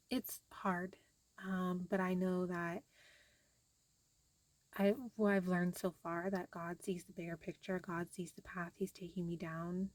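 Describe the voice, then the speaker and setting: Tired young mom rambling to camera. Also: female voice, lowish voice, a little mellow, no echo. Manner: rambling, frequent fillers. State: tired and frustrated. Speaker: vlogger. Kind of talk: casual talk to camera.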